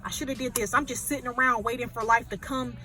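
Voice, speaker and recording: A frantic woman who has just learned she will die, as a film reviewer acts her out. She pleads in disbelieving outbursts. The voice is high and bright. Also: steady tone, fast. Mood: distraught.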